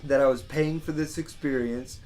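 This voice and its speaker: A man's voice: medium pitch, steady tone, moderate pace, darkish tone, faint music behind. A man in his thirties with a mid-range voice, chatting on a podcast. He talks bluntly and swears often, backing up and restarting his sentences as he works out his point. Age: 30s. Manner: blunt, profane, hesitant restarts. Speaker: podcast co-host. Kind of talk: casual podcast chat.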